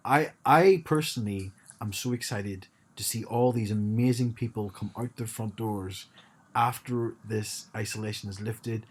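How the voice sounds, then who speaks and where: A man's voice: fairly low pitch, fairly quick. A man co-hosting a podcast in casual chat, rambling with frequent restarts and a wry tone. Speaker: podcast co-host.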